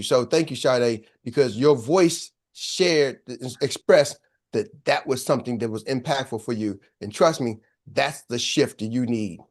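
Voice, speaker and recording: A man's voice: mid-range voice, moderate pace. A man on a group call who talks in an enthusiastic, emphatic way. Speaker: call participant. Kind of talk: casual chat on a call.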